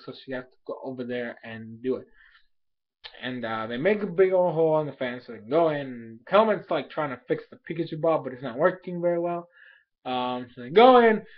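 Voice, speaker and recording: A young man casually recapping an anime episode in a rambling, animated way, full of fillers and quick asides. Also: on the high side, muffled recording. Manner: rambling, animated, filler-heavy, laughs often.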